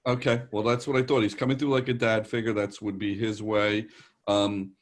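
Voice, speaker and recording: A man's voice: on the low side, flat delivery, moderate pace. A man with a New York accent, a psychic medium giving rambling, reassuring readings on a live virtual show. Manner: rambling, reassuring, relays messages in quotes.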